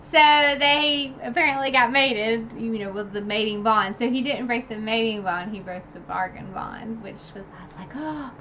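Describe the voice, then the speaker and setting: A woman's voice: fairly high pitch, fairly even intonation, normal speed, hardly any pauses, pushed and bright, dull audio, slight background noise. A woman recapping a novel in a casual, rambling chat, full of fillers and asides. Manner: rambling and chatty, full of "like" and "you know". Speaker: book reviewer streaming a recap.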